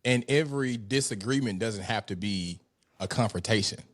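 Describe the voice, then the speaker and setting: A man's voice: lowish voice, moderate pace. A man co-hosting a podcast, reacting in blunt, profane casual chat and laughing a lot.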